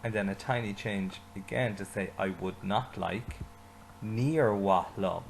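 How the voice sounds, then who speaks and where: A man teaching an Irish language lesson, saying phrases slowly and asking learners to repeat them. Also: on the low side, fairly even intonation, gravelly, a little hiss or hum, rough recording. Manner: slow repetition, leading learners to say phrases with him.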